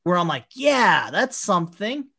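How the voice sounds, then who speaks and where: A man's voice: high-pitched, very animated, a little slow, pushed and bright. A man in casual podcast chat, rambling through stories and acting out the people he quotes, swearing freely.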